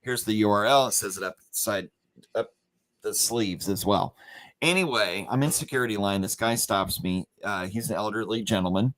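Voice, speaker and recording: A man's voice: moderate pace, a bit bright. Chatty rambling man telling a story. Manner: rambling, with frequent fillers and restarts; acts out quoted lines with big pitch jumps. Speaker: host of a company livestream. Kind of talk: casual storytelling chat.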